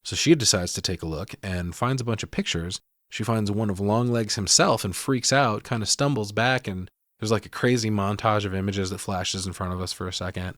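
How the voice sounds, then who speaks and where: A man co-hosting a podcast, recapping a film in casual, profane, animated storytelling. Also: on the low side, a little fast, no echo, studio quality. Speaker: podcast co-host.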